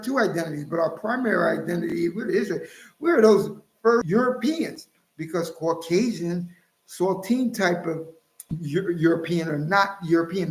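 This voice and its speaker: High-voiced man preaching in a roomy echo. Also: vocal fry. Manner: emphatic, scolding, rhetorical, cites scripture. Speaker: channel host preaching on scripture. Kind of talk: preaching commentary.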